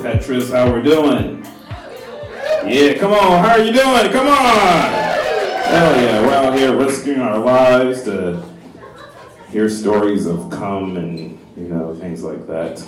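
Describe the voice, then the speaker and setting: A man's voice: fairly low pitch, a little mellow. Profane man in his thirties telling stories. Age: 30s. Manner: loose, profane, laughing storyteller. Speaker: storyteller. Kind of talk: comic story at live storytelling show. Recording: roomy live room, voice from a distance.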